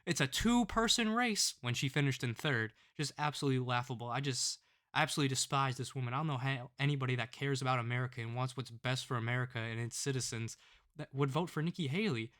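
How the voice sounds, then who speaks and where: A man delivering a political commentary vlog with a smooth, resonant voice. He rants with open scorn and keeps driving his points home with a pushy "all right?". The pitch sits at an ordinary middle male level. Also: fast talker, a bit bright.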